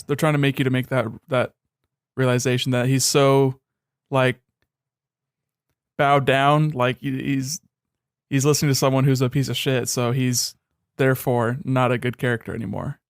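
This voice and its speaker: A young man co-hosting a podcast, sardonic and profane, often dropping into a low, dismissive mutter. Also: little pitch movement, normal speed, pauses often, clear, resonant tone, dry recording, clean studio sound. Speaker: podcast co-host. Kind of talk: casual chat.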